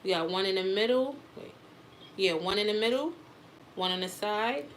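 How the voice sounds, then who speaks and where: Woman instructor, casual chatty demo voice, middle pitch, slight background noise. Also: lively intonation, moderate pace. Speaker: wig-making instructor. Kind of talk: live class demonstration.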